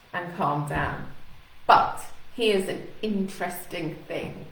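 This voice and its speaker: A woman's voice: lowish voice, distant mic. Echoey, chatty woman coaching on camera. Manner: warm, chatty and encouraging, acting out anxious thoughts. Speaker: communication coach. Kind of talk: live coaching talk to camera. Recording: echoey room with faint noise.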